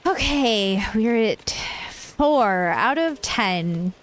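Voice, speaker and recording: A woman's voice: on the high side, expressive, drawn-out words, a little hiss or hum. A young woman streaming a game in casual, rambling chat, tired and swearing now and then. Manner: rambling, frustrated, drops swear words. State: tired, yawning.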